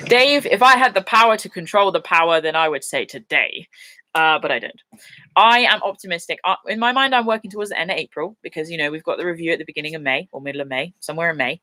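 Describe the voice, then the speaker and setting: Woman hosting a casual live Q&A from her sofa, rambling, emotional, bright voice, dry close sound. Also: fairly low pitch, fast, no echo. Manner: chatty and rambling, with many fillers and restarts; openly emotional and laughs easily. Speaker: host of a live viewer Q&A. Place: at home on a sofa. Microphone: computer mic on a livestream.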